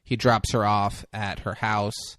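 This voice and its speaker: A man's voice: fairly low pitch, level tone, a bit bright, dry recording, clean studio sound. Chatty man recapping a movie. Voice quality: laughs often, acts out lines in quick voices. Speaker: podcast co-host recapping a movie. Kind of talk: casual chat.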